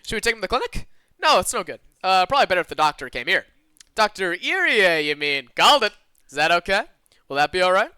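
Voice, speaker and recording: A man voicing a bunch of rough, panicky male kidnappers in a game story, pushing his voice up and straining it. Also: high-pitched, very animated, fast, bright, forceful tone, no echo, clean studio sound, voice pushed up, heavily acted. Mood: worried.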